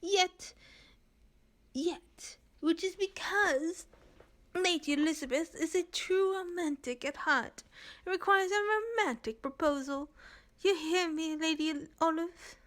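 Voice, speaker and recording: A woman's voice: very high voice, slow, fairly bright tone, voice pushed up, heavily acted. A woman voicing a bold young noble heroine who declaims in a grand, teasing manner. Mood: theatrical.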